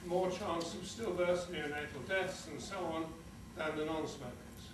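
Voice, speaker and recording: A man's voice: on the high side, fairly even intonation, measured pace. Older man, earnest, in an echoey hall. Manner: earnest, emphatic warning. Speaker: award recipient. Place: large conference hall. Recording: echoey hall from far off, noisy.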